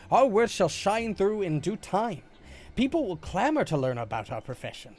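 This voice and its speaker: A man's voice: high voice, darkish tone. A man voicing a posh, formal young male noble inventor who speaks in stilted, old-fashioned courtly phrases. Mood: pleading.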